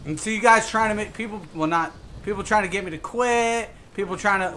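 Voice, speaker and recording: A man's voice: sits high, animated, fairly quick, sharp tone, a little hiss or hum. A man streaming a game, ranting casually and swearing often as he repeats himself. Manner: ranting, profane, repetitive. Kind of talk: casual gaming stream talk.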